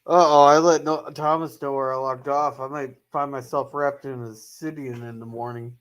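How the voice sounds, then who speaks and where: A man streaming a game, chatting casually with brief, relaxed reactions and asides. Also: mid-range voice, normal speed. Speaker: streamer playing Minecraft. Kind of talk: casual chat while gaming.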